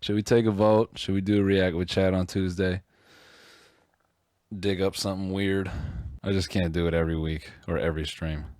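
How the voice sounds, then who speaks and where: A man's voice: low voice, level tone, moderate pace, darkish tone, dry recording, clean studio sound. A man reacting casually on a live stream, laughing often and swearing freely.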